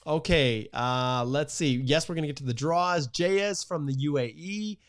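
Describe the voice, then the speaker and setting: Man around fifty, live-stream host, upbeat and enthusiastic, slightly higher voice. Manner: upbeat, enthusiastic, rapid viewer greetings. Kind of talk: live-stream Q&A shout-outs.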